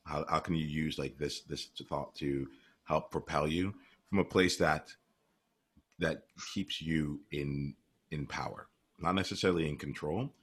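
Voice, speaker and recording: A man's voice: extremely low pitch, fairly even intonation, a little slow, fairly bright tone, husky. A man coaching live, asking curious, probing questions with many fillers and restarts. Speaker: life coach.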